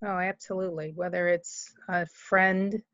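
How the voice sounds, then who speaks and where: A woman's voice: fairly low pitch, fairly even intonation, unhurried, a bit bright, no room sound. A woman hosting a radio talk show, speaking in a supportive, affirming way to her guest. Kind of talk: radio interview. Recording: dry, lo-fi radio audio.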